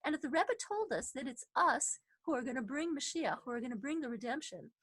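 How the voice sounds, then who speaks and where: A high-voiced woman leads an online class over a video call. She talks in a chatty way, with many fillers and restarts. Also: animated, fairly quick, fairly bright tone, husky. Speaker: teacher.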